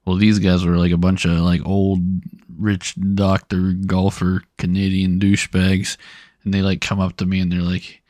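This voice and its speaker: A man's voice: deep voice, little pitch movement, normal speed, a little mellow, no echo, studio quality. A man in a casual podcast chat who tells stories sardonically, swearing and mocking the people he describes. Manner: sardonic, swears and mocks when retelling. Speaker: podcast co-host.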